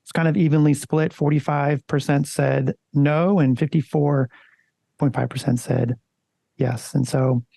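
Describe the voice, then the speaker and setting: Gravelly man chatting on a podcast. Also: a little high, level tone, a little slow, warm tone, no echo. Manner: conversational, loose and swearing. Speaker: podcast co-host. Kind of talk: casual podcast chat.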